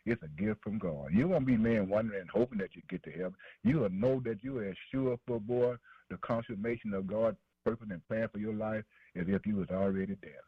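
A man's voice: fairly low pitch, a little fast, breathy edge, no echo. Man on dull dry radio. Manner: preachy call-and-response, fillers like man and boy. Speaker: preacher. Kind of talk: sermon.

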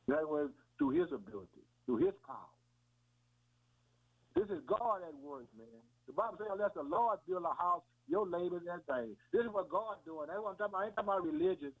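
A man preaching an informal sermon in a folksy way, often calling his listeners "man" and "boy" and repeating himself. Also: fairly high pitch. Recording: tinny phone-like radio audio.

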